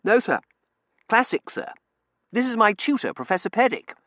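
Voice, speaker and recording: A man's voice: sits high, very animated, normal speed, a bit bright, no room sound, clean studio sound, voice pushed up. A man voicing a polite, flustered young male undergraduate who stammers.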